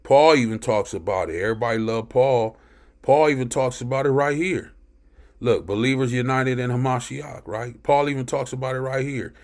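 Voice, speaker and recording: A man's voice: medium pitch, normal speed. A man reading scripture aloud and commenting on it in an emphatic teaching style, often checking in with "right?" between verses.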